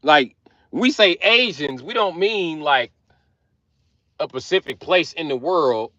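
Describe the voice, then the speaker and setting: A man's voice: on the high side, expressive, slow, bright, forceful tone, no echo, muffled recording. An American man delivering a profane, brash comic rant on a livestream. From United States.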